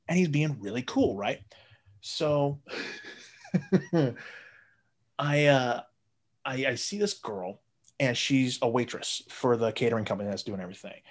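A man's voice: mid-range voice, expressive, moderate pace. A man casually telling a long, profane story, jumping into raised voices when he quotes his friends. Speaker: guest storyteller.

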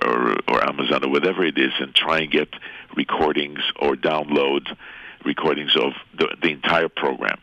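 An older man, a guest violinist calling in, gives unhurried, chuckling advice with some restarts. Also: rumbling low, pushed and bright, no room sound. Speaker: guest violinist on a phone call. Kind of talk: casual phone conversation. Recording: phone line.

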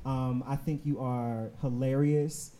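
A man hosting a live podcast show in front of an audience, chatty and quick to laugh, with plenty of fillers as he talks. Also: medium pitch, steady tone, dark tone. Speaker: podcast host.

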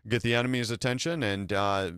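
A man's voice: medium pitch, fairly even intonation, fairly quick, fairly bright tone, smooth, no room sound, clean studio sound. A man hosting a livestream, talking in a laid-back way with many fillers and reading out chat comments. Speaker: streamer host.

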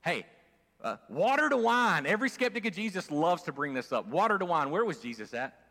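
A male pastor preaching a conversational sermon, moving from loud emphasis to quiet asides, with fillers and restarts. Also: sits high, sing-song, fairly quick. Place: church sanctuary. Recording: long church hall reverb.

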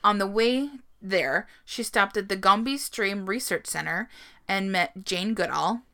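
A woman co-hosting a podcast chats casually in a bright, forceful, medium-pitched voice. She tells a story at an easy, unhurried pace, laughing often and swearing now and then.

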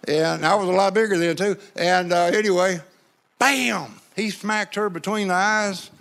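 Folksy preacher man with gravelly voice. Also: high voice, unhurried, a bit bright. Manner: folksy, joking, call-and-response with the crowd. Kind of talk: sermon with humorous storytelling. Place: church.

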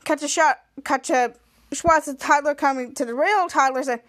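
With a high, slightly bright voice at a moderate pace, a podcast host walks through a TV episode one scene at a time, putting on a raised voice to perform each character's dialogue.

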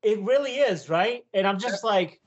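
A man co-hosting a podcast, telling a story in casual chat, animated and swearing, acting out quotes in a shouting voice. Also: high-pitched, normal speed, lo-fi sound. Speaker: podcast co-host.

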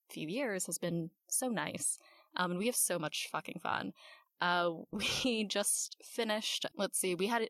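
A woman with a lowish voice chats as a podcast guest. She tells stories in a relaxed way and pauses often on fillers. Her sound is dry and close to the mic. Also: no room sound. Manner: relaxed storytelling with many fillers. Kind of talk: casual chat.

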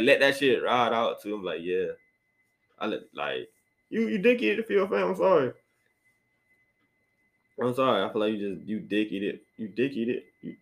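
A man's voice: mid-range voice, rough recording. A young man hosting his own podcast, talking in a slangy, rambling way and often repeating himself. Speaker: podcast host. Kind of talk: casual solo podcast rant.

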